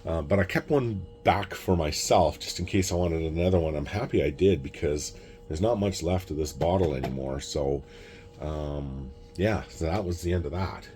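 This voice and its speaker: Deep-voiced man chatting casually. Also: normal speed, a little mellow. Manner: rambling, repeats words, acts out dialogue. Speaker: whisky collector vlogger. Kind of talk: casual chat.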